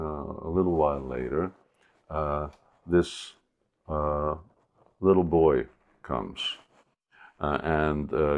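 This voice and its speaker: With a rumbling low voice, a spiritual teacher tells a devotional story during a sermon. He is unhurried and hesitant, pausing many times.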